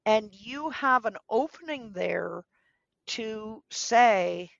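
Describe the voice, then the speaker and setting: A woman guest in a podcast interview, speaking earnestly and gently giving advice, now and then acting out what people might say. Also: a little high, animated, drawn-out words, vocal fry, no room sound, muffled recording. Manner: earnest, gently advising, acts out quoted speech. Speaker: guest, dog trainer.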